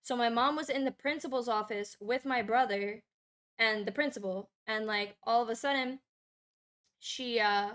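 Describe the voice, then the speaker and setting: A young woman streamer with a somewhat high voice talks casually while she plays. Her storytelling is loose and animated, packed with swearing and filler. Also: moderate pace.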